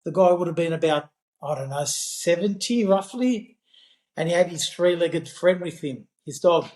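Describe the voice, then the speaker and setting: A man's voice: a little high, lively intonation, normal speed, a little mellow, echoey room. A man, chatting as a podcast guest. He tells his story loosely and rambles, with plenty of fillers along the way. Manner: rambling anecdote with many fillers. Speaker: podcast guest, parkrun regular. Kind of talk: casual storytelling chat.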